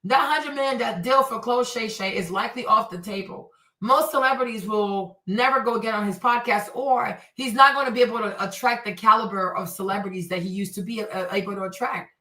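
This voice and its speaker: Hosting a celebrity commentary show, a bright-voiced woman roasts her targets in an animated, exasperated way, dropping in Spanish phrases. Her voice is a little high, and the roomy sound was recorded from a bit away from the mic.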